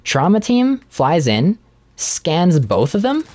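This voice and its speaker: A man co-hosting a casual podcast, chatting while playing a game and retelling a plot with animated laughter. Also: a little high, slow pace, no echo. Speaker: podcast co-host.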